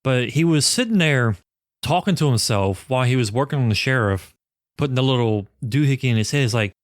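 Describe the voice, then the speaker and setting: A man co-hosting a podcast casually retells scenes from a cult film with plenty of profanity, in the manner of a relaxed movie review chat. His medium-pitched voice is expressive and a little fast, recorded dry with studio quality.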